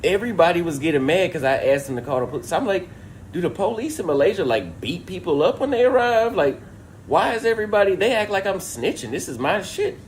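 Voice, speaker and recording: Male streamer, fired-up storyteller who swears freely, fairly high voice, faint noise behind. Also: very animated, fast talker. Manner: exasperated, profane, acts out dialogue. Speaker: livestreamer. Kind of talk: animated storytelling rant.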